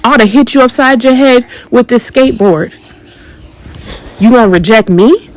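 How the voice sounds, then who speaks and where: A woman's voice: on the high side, moderate pace, a little hiss or hum, lightly acted. Woman mocking a needy, pushy male god. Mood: threatening. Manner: demanding, whiny, threatening.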